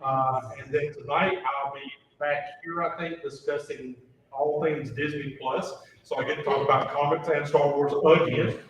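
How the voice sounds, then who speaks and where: A man with a drawl tells a story on a convention panel. His voice sits fairly high and carries a lot of bounce. He sounds like he is some distance from the mic, in a very echoey room with faint background noise. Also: moderate pace. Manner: lively, rambling storyteller with many fillers.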